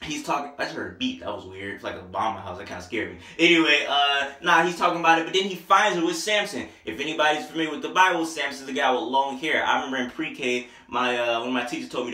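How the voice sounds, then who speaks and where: A young man giving an excited, slangy casual album review, now and then singing bits of the songs. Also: medium pitch, distant mic. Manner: excited, slangy, sings snippets along with the tracks. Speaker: music reviewer. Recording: echoey room, voice off-mic.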